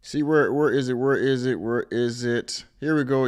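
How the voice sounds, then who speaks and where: A man's voice: medium pitch, normal speed, smooth. A man hosting a live stream, reacting to a clip with wry, sarcastic asides. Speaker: podcast host reacting to a clip.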